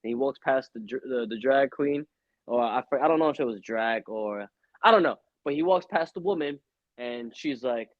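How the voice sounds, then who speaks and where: A young man co-hosting a casual wrestling podcast, loud and joking, often slipping into mocking voices. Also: mid-range voice, moderate pace, no room sound, dull audio. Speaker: podcast co-host.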